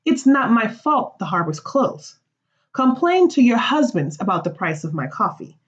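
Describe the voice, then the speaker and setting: A woman's voice: a little high, sing-song, moderate pace, breathy edge. A woman reading the lines of a defensive, greedy colonial merchant in a school play, in a slightly muffled recording.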